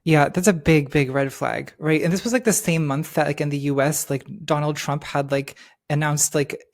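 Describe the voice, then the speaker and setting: A man's voice: on the high side, moderate pace. A man co-hosting a casual discussion podcast, talking sardonically with lots of filler words. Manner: sardonic, filler-heavy talk with many "like"s.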